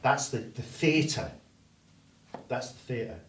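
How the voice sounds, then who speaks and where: A man training students in hypnosis, talking bluntly with plenty of swearing and dropping into slow hypnotic suggestions to demonstrate. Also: medium pitch, animated. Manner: blunt and heavily profane. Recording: roomy room, distant mic, faint noise.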